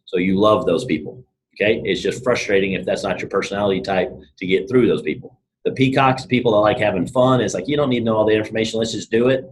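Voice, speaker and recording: Energetic man, low voice. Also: fast, poor audio. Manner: energetic, storytelling, casual. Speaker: network marketing team leader. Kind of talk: motivational call talk.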